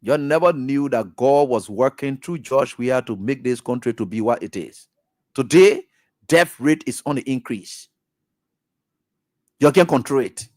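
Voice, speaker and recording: A man with a Liberian English accent hosting a radio talk show, delivering an emphatic, repetitive, preacher-like commentary that swings between loud shouts and low mutters. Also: expressive, measured pace.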